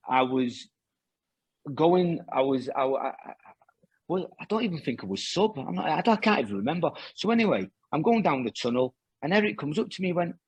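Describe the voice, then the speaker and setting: A man's voice: medium pitch, husky, no room sound. A man, a former professional footballer, telling rambling anecdotes in a casual interview, full of restarts and fillers.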